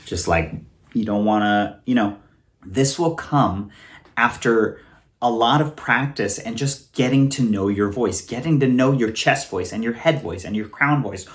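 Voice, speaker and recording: A man's voice: medium pitch, a little slow. A man in his thirties from California, giving a casual singing lesson to camera and demonstrating sounds with his voice. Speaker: voice teacher.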